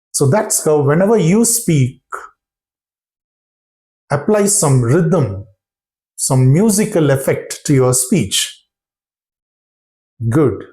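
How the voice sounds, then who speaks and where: A man teaching a spoken-English lesson to his students, talking deliberately and often checking in with short questions and praise. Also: fairly high pitch, warm tone.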